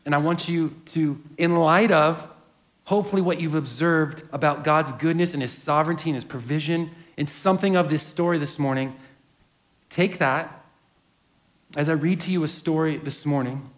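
A pastor giving a sermon and reading a story aloud in a reflective storytelling manner. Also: male voice, a little high, moderate pace.

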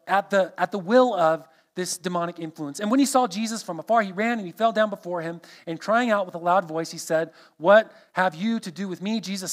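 A man with a notably high speaking voice delivers an earnest sermon. He teaches through a scripture passage verse by verse, explaining each part as he goes. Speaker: preacher. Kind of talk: expository sermon.

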